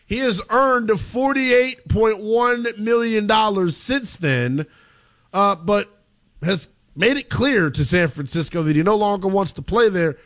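A man hosting a sports radio show, giving opinionated, measured commentary from a studio. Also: sits high, a bit bright.

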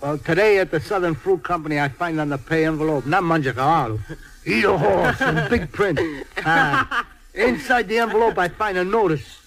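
A man's voice: high voice, expressive, normal speed, fairly bright tone. An actor playing an emotional truck driver man who stammers and pleads. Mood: confiding. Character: tearful hot-tempered Italian-American truck driver man. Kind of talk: stage or film drama acting.

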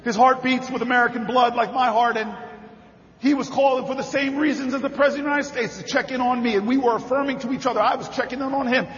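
A man giving a rousing political convention speech, telling a story and building to shouted rallying calls. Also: very high-pitched, fairly even intonation, quick pace. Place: large convention hall with a crowd. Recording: echoey hall, dull sound, crowd behind.

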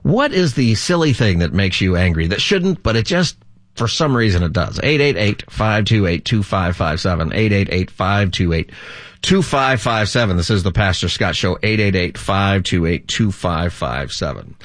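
A man's voice: low-pitched, lively intonation, normal speed, dry recording. A middle-aged man hosting a call-in radio talk show as a pastor, rambling and chatty, laughing easily.

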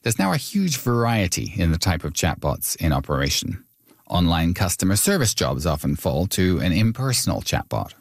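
A man's voice: sits low, very animated, normal speed, vocal fry, no room sound, studio quality. A man hosting a podcast, narrating and chatting in a wry conversational way. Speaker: podcast host. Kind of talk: scripted narration and chat.

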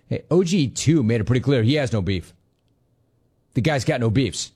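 A man's voice: medium pitch, moderate pace, slightly rough. A man hosting a sports talk show reads out listener comments and riffs on them. His talk is loose, casual and joking, in an ordinary mid-range voice. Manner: animated, riffing and joking on viewer comments. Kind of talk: casual chat reading listener messages.

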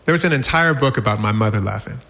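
Brief: man in his 40s, mid-pitched voice, wry memoir reading. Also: expressive, fast talker, sharp tone. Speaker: narrator. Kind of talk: reading a personal essay aloud.

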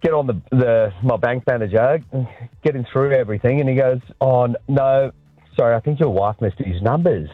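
A man's voice: mid-range voice, moderate pace, dry recording, faint music behind. A man in his thirties with an Australian accent, calling in to a radio show and telling a story in a laid-back way. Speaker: caller. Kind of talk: casual phone-in chat. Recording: tinny phone line, dry.

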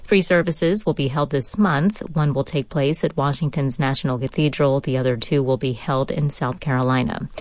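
A woman reading a radio news bulletin in a brisk, formal way. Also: rumbling low, steady tone, darkish tone. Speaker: newscaster.

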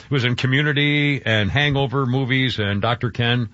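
A man's voice: mid-range voice, a little fast, a bit bright, dry recording. A man hosting a radio show, chatting in a rambling way and stumbling over his words. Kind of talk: morning radio chat. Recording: dull, dry radio broadcast.

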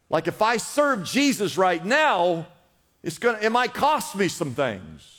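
A man's voice: high-pitched, very animated, normal speed, fairly bright tone, in a large hall. A man preaching a sermon as pastor, urging his congregation on with emphatic, repeated exhortations. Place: church in Los Angeles.

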